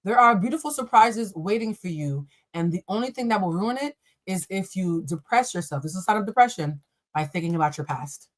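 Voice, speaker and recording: A woman's voice: medium pitch, expressive, fairly quick. A young adult woman hosting a live tarot reading, answering chat questions in a blunt, profane and playful way. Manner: blunt, profane and playful, addressing viewers as y'all. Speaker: tarot reader and live stream host.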